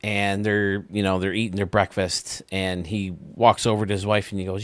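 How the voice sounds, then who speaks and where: A man's voice: fairly low pitch, little pitch movement, moderate pace, dry recording. A male host casually telling dirty jokes and chuckling at his own punchlines. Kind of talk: casual joke-telling chat.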